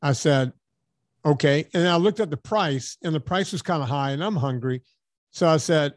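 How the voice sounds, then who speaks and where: Male podcast host, casual storyteller, slightly high pitch, dry close-miked sound. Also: moderate pace, dry recording. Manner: animated storyteller, acts out dialogue.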